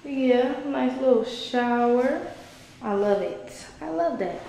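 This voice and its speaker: A chatty, excitable young woman from Detroit giving a casual vlog tour of her new apartment, talking straight to her viewers and swearing freely. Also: a little high, takes it slowly, gravelly, reverberant, a little hiss or hum. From Detroit, USA. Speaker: vlogger. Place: new, mostly empty apartment indoors.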